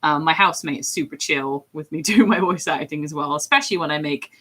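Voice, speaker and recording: An English woman in her thirties with a deep voice, chatting casually and ramblingly on a livestream about voice acting. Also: fast talker, a bit bright. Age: 30s. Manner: rambling and chatty, with frequent fillers and laughs. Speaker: streamer and voice actor.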